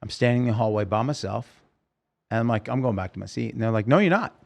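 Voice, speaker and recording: A middle-aged man telling a story as a podcast guest, lively and acting out the voices of the people he quotes. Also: lowish voice, fast talker, vocal fry. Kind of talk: casual storytelling interview.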